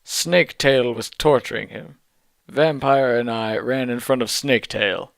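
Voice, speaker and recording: A man reads a fan fiction aloud in a mocking deadpan, breaking off for incredulous asides. He sounds dry and close with no room echo, and he takes his time, steady and middle-pitched. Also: a little slow, gravelly. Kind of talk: comic dramatic reading.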